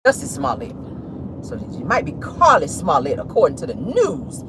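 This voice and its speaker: Brief: lively, bawdy gossip host talking from a car, street noise behind. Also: medium pitch, normal speed. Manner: animated, bawdy, laughing asides with "honey" and "child". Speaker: vlogger host. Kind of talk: casual celebrity-gossip commentary. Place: parked car. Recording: noisy car interior.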